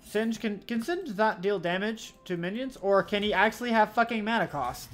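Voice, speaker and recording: A man swears and rants through his own gameplay commentary, irritated at the match in front of him. His pitch bounces up and down constantly as he vents. Faint music sits under his voice. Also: animated, normal speed, fairly bright tone. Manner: profane, exasperated ranting. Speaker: gamer streaming his match.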